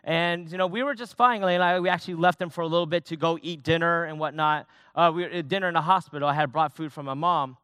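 A man's voice: a little high, steady tone, quick pace, few pauses, fairly bright tone, smooth, no echo, clean studio sound. A young man, a youth pastor, preaching a sermon in a personal, conversational way, often restarting his sentences.

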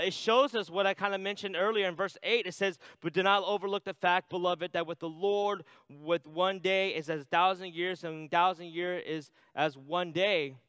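A man's voice: sits high, sharp tone, clean tone, no echo. A man preaching a sermon in a conversational way, reading scripture aloud and adding "right?" asides. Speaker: pastor.

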